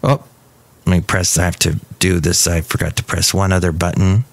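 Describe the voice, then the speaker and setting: A man's voice: sits low, flat delivery, moderate pace, creaky, no echo. A man hosting his own podcast in a chatty, rambling, self-mocking way. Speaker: podcast host. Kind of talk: casual chat.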